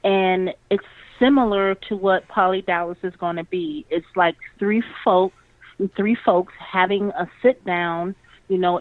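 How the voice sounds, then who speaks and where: A woman with a Texan accent who talks slowly and easily. The recording is dry and thin, like a phone line. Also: on the low side, no room sound. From southern Texas. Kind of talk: casual chat.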